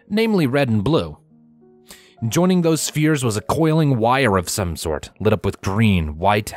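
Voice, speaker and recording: A man narrating a fanfiction story aloud in steady storytelling style, acting out the dialogue. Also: fairly low pitch, no echo. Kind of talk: fanfiction reading.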